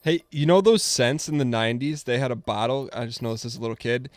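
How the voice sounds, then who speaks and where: A man's voice: mid-range voice, quick pace, no echo, clean studio sound. A man on a live talk show asking blunt, probing questions in casual chat.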